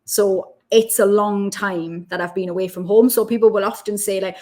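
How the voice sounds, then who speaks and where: A woman's voice: mid-range voice, moderate pace, hardly any pauses. Chatty Geordie woman. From Newcastle, England. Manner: chatty, animated storytelling. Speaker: guest. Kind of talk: casual chat.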